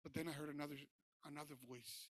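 A man preaching his personal testimony in church, talking informally with many fillers and moving between quiet recollection and loud preaching. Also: on the high side, fairly even intonation, fast talker, dry recording. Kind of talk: sermon testimony.

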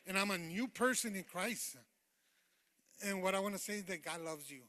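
A man preaches a fervent, informal testimony in a church sanctuary, stopping to call out "amen" to the congregation. His voice sits high and bright. The room adds a long, echoing reverb. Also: normal speed. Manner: informal, rambling, with many fillers. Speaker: lay preacher giving a testimony. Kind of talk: sermon testimony.

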